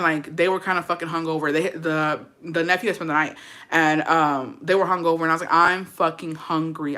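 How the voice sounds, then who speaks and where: A young woman telling a story in casual chat, animated and profane, slipping Spanish phrases into her English. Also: low-pitched.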